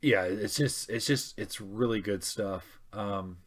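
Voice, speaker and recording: Man, low voice, casual podcast co-host, halting delivery with fillers. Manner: hesitant, many ums and restarts.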